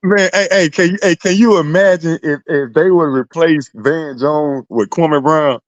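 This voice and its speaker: Man, podcast co-host, laughing, quick agreement, slightly high voice, muffled dry sound. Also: no echo. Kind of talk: casual podcast chat.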